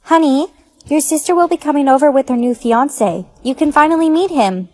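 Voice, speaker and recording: A synthetic woman's voice reading side characters in short POV skits with a flat, machine-like delivery. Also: high voice, a little fast, no echo. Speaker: text-to-speech storyteller. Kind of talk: text-to-speech POV skit narration.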